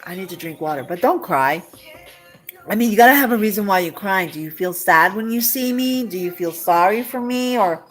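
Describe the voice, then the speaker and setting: A woman chatting casually on a live stream, talking straight to a viewer and asking the same questions again and again in a rambling, emotional way. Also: medium pitch.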